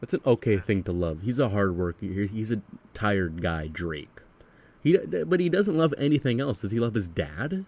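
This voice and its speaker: A man's voice: lowish voice, very animated, moderate pace, a little mellow. A man hosting a podcast, chatting casually about music in an earnest way and asking leading questions. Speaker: podcast host.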